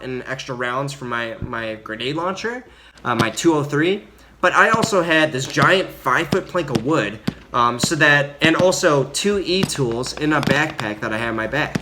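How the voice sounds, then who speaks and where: A young man telling a story about his time as a Marine in a casual, rambling way, full of fillers and loud acted-out quotes. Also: medium pitch. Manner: rambling, filler-heavy, acts out quotes loudly. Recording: audible background noise.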